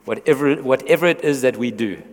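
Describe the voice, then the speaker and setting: A man's voice: mid-range voice, fairly quick, long reverb tail. A man preaching a sermon to his church, earnest and conversational, restarting phrases as he goes. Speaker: pastor.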